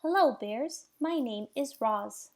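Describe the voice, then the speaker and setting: A woman voicing a calm, polite female robot who speaks formally and carefully. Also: sits high, takes it slowly, full character voice.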